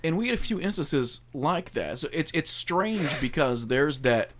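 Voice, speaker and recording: A man's voice: a little high, sing-song, measured pace, a bit bright, a little hiss or hum. A man hosting a podcast, telling his own eerie studio story in a loose, rambling way. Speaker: podcast host. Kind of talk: casual chat.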